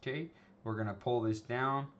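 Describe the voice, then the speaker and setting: A man teaches an animation tutorial via screen recording, speaking at normal speed in a medium, steady, fairly bright voice, though the highs are cut off. His casual style includes frequent "okay?" and "right?" and sentences he starts over.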